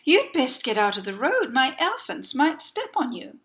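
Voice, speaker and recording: A woman's voice: high-pitched, big pitch swings, normal speed, a bit bright. A woman voicing a happy, newly married king who gives a kindly warning.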